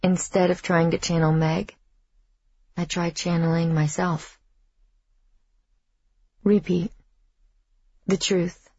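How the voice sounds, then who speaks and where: A woman narrates a first-person audiobook in a measured, reflective voice. Her tone is low and husky. The sound is dry and close, a little dull. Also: level tone, darkish tone, dry recording.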